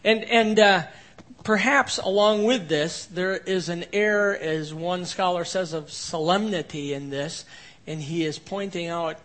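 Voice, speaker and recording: Male pastor with a high voice, expository preaching, dynamic swings from emphatic to hushed. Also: measured pace. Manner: swings between emphatic rises and quiet low passages. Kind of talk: expository sermon.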